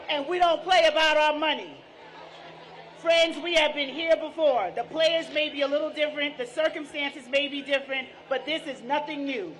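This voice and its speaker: Measured, sermon-like woman at a rally. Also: high-pitched, a bit bright, slight background noise, low-quality recording. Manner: measured, scripture-quoting, call-and-response. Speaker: rally speaker, sorority president. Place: outdoor street rally.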